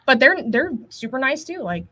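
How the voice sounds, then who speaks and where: A woman's voice: sits high, sing-song, normal speed, sharp tone. A woman co-hosting a podcast, asking questions in casual, chatty talk. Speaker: podcast co-host. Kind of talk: casual chat.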